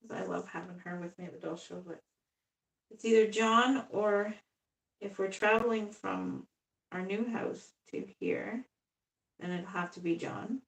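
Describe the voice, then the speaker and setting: Brief: rambling woman in her fifties live-streaming her crafts, gravelly voice, echoey room. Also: mid-range voice, fairly even intonation, unhurried. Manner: rambling, chatty, laughs often. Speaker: doll artist live-streaming. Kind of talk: casual live stream chat. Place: home room. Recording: echoey room, far from the mic.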